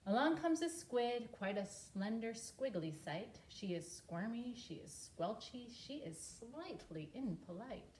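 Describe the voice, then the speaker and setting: A woman teacher reads a rhyming picture book aloud, slowly and expressively. Her fairly high voice rises and falls a lot. It is recorded in a roomy space with faint background ambience. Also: slight background noise. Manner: slow expressive read-aloud.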